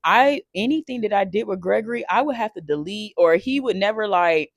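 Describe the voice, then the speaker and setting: A man telling a painful personal story off the cuff, emotional and halting, swearing and restarting often. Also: high-pitched, animated, creaky, dry recording, clean studio sound. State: shaken while recounting.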